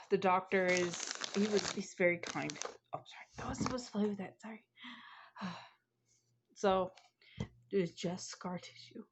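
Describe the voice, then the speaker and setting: Chatty woman, muffled home recording. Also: mid-range voice. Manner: chatty, rambling, friendly. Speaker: vlogger. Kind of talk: casual chat to viewers.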